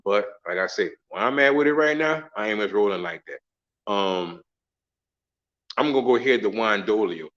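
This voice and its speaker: A middle-aged American man from the Southern United States, a travel vlogger, tells stories in a casual monologue full of profanity, slang, and laughter. His voice sits on the low side and is animated and a bit bright, at a moderate pace. The recording sounds muffled.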